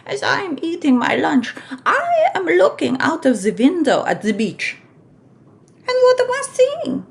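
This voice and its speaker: A woman's voice: very high-pitched, wildly swooping pitch, creaky, exaggerated voice. A woman voicing an imperious, scheming witch queen with an exaggerated put-on foreign accent in a comedy impression. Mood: menacing, theatrical. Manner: theatrical, slow menacing commands with sudden shrieks. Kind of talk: live-stream comedy impression.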